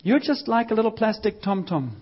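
A man preaching a sermon in a church, lively and using a prop as a visual aid. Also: sits high, a little fast, slightly rough, dull audio.

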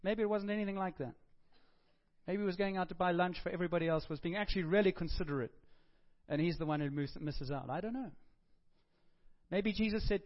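A man delivers a sermon as a pastor, talking to his congregation in a loose, conversational way and pushing his voice up for emphasis. His voice sits a little high for a man. The recording is muffled and lo-fi. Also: fairly quick. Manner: conversational preaching with emphatic rises.

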